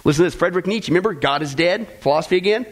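A man's voice: high voice, animated, racing, low-quality recording. A man preaching a sermon with emphatic, repeated phrases, speaking directly to the congregation.

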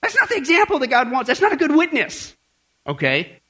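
A man's voice: very high voice, huge pitch swings, fairly quick, pushed and bright. A man preaching a sermon as pastor, asking the congregation rhetorical questions and telling a story.

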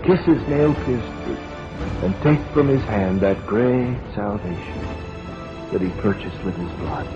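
A man preaching, telling a slow dramatic story that builds to a fervent appeal. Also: lowish voice. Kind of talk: sermon illustration storytelling. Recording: dull lo-fi sermon recording with music behind.

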